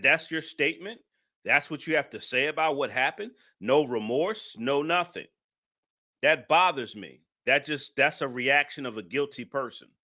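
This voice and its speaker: Man, live-stream commentary, emphatic, repeats himself, indignant questions, bright tone. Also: medium pitch.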